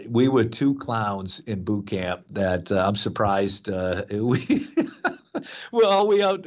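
Chatty radio host telling stories. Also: male voice, mid-range voice, dull audio. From Boston. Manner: rambling, chatty, frequent fillers. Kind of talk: casual radio storytelling.

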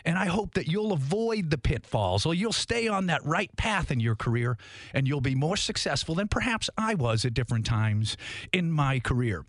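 A man's voice: fairly high pitch, big pitch swings, normal speed, a bit bright, no room sound. A middle-aged man hosting a radio show, speaking energetically and motivationally, talking straight to his listeners. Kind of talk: upbeat radio show talk. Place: radio studio.

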